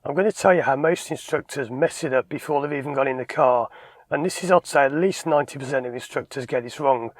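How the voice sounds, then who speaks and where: A man's voice: medium pitch, fast, no echo. A man, a driving instructor giving a tips video, talking emphatically and acting out short bits of dialogue. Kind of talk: direct-to-camera instructional talk.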